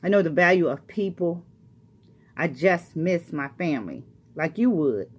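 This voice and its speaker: A woman's voice: fairly low pitch, expressive, measured pace, husky. A retired woman who works as a grief coach, speaking earnestly and personally to the listener and repeating phrases for emphasis. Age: older. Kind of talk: motivational talk to camera.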